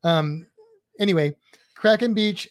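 A man's voice: high-pitched, a little slow. A man co-hosting a podcast, rambling through a walkthrough and cracking jokes and puns. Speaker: podcast co-host. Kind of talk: casual chat.

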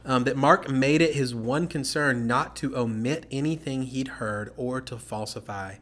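A man's voice: mid-range voice, a little slow. Man explaining scripture to a co-host. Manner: explanatory, steady, with frequent "okay?" checks. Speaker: podcast co-host. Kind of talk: casual Bible-teaching chat.

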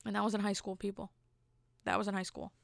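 A young woman hosts her own podcast, chatting through stories in a loose, self-amused ramble full of jokey asides. Her mid-pitched voice carries a gravelly fry, and the close mic sounds dry and intimate. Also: completely flat delivery, fast talker, no echo. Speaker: podcast host. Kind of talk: casual solo podcast storytelling.

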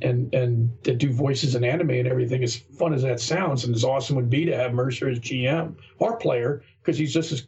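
A man with a raspy voice chatting earnestly on a podcast, rambling with many restarts. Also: a little high, darkish tone, lo-fi sound. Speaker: guest game master. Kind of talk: casual podcast conversation.

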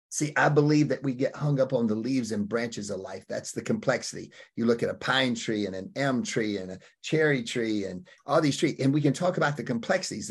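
A middle-aged man from Alabama, a life coach answering an interview question in an emphatic, animated way. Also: medium pitch, husky. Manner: emphatic, acts out quoted voices, punchy phrasing. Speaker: podcast guest, life coach.

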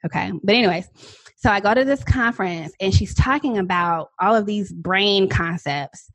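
A woman in her thirties, a podcast guest, telling a personal story in a lively, dramatic, casual way with frequent laughs. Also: mid-range voice, moderate pace, no echo. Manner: animated, self-described dramatic talker with frequent laughs.

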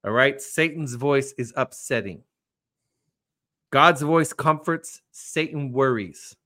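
A man's voice: medium pitch, slow, bright, forceful tone. A man hosting a podcast, talking earnestly and personally in casual faith talk. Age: adult with children. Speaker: podcast host.

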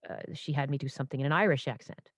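Woman in her 50s with a low voice, animated and self-interrupting, dry close sound. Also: very fast, dry recording. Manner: animated, self-interrupting, full of restarts and asides. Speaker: stage performer and impressionist. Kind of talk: casual interview storytelling.

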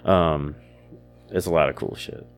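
A man's voice: a bass voice, fairly even intonation, a little slow. A man co-hosting a casual podcast, telling rambling stories and swearing easily as he chats. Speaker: podcast co-host. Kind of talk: casual chat. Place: small indoor shanty.

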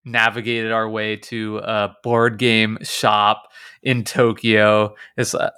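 A man's voice: lowish voice, flat delivery, slow, bright, forceful tone, clear, resonant tone. A young man from Kansas co-hosting a podcast, telling stories in a chatty way full of fillers and restarts. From Kansas, United States. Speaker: podcast co-host. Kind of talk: casual podcast chat.

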